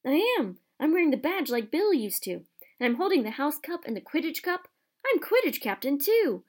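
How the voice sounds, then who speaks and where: A woman reading aloud, voicing an excitable young boy who talks loud and blunt. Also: a little high, fairly quick. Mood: excited.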